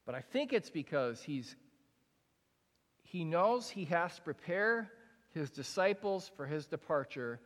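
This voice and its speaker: A man's voice: a little high, big pitch swings, measured pace, fairly bright tone. A young man preaching a sermon to a congregation in a large room, speaking in a candid, conversational way with frequent casual fillers. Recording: long hall reverb.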